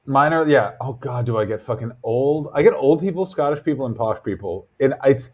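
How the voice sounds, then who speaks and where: A man's voice: medium pitch, lively intonation, a little fast, lo-fi sound. A man co-hosting a stream as a comedian, chatting casually in a loose, rambling, profane way. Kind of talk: casual chat.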